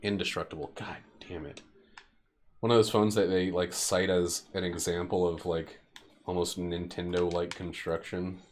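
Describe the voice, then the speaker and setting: A man's voice: deep voice, little pitch movement, normal speed. A young man streaming a game, rambling and joking profanely as he plays. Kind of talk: casual gameplay commentary.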